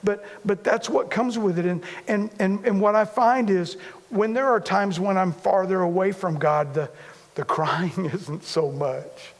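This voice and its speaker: In a big-sounding room, a male pastor delivers a sermon with a high-pitched voice at a measured pace. He talks conversationally, repeats himself, and pokes fun at himself along the way.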